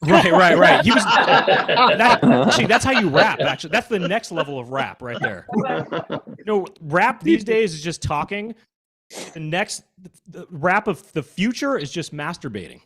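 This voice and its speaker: This comedian's voice sits high and slightly rough, and he speaks a little slowly. Performing improvised stand-up at a live-streamed show with a video-call audience, he trades goofy, deadpan absurdities with the crowd through a video call mic.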